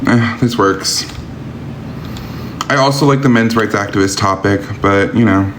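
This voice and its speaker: A man's voice: on the low side, a little slow, noisy background. A man hosting a live-streamed debate, talking bluntly with a sarcastic, argumentative edge.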